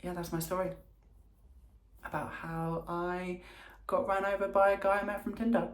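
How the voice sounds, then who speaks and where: A young woman telling a dramatic storytime, animated and swearing in fast bursts. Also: on the low side, slight background noise. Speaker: vlogger. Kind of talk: storytime monologue. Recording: roomy echo with music behind.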